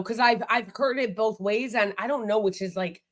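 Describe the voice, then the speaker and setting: A woman's voice: mid-range voice, moderate pace. An American woman hosting a casual political chat, blunt and heated, swearing freely. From United States. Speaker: host.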